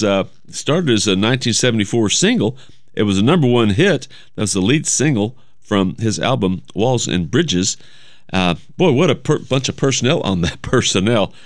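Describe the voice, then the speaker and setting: A man's voice: fairly low pitch, no echo, studio quality. A man hosting a radio music show, chatting loosely between songs and reading notes aloud. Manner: rambling, chatty, self-correcting. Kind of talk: casual radio chat. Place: radio studio. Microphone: studio mic.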